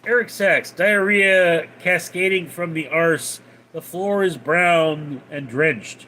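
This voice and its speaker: A man hosting a casual livestream, reading out viewer messages and replying in a deadpan way. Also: on the high side, slow. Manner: reads out viewer names and messages, deadpan replies. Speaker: livestream host reading chat.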